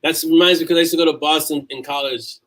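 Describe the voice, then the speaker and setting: A man's voice: fairly high pitch, fairly even intonation, quick pace, fairly bright tone, poor audio. A man from New York, an author hosting a casual livestream. He chats loosely with viewers, reads out their comments and often restarts his sentences. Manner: chatty and loose, frequent restarts.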